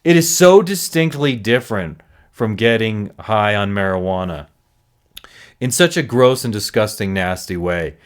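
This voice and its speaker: Male podcast host, low voice, earnest and reflective, freewheeling with restarts. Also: expressive, a little slow, clear, resonant tone. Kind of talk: solo reflective monologue.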